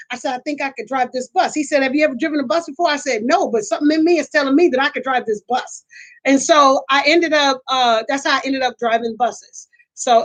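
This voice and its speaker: A middle-aged woman with a high voice talks through a casual chat as host. She tells stories in a lively, animated way, acts out quotes and laughs often. She repeats herself and restarts phrases as she goes.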